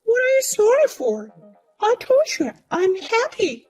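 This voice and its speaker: A woman's voice: very high-pitched, wildly swooping pitch, unhurried, darkish tone, pitched above the performer's own voice, exaggerated voice, low-quality recording. A woman voicing a smug, boastful young woman who taunts and mocks in a sing-song way. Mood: smug taunting. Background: faint music.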